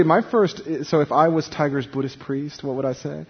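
A man's voice: fairly high pitch, steady tone, moderate pace, few pauses, breathy edge, lo-fi sound. A man who is a Buddhist priest, answering an interview question in an easygoing way, thinking aloud.

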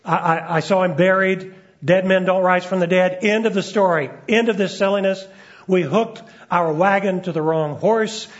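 A preacher voicing a scoffing doubting apostle. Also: male voice, high voice, moderate pace, natural voice. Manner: sarcastic, dismissive. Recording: dull lo-fi recording.

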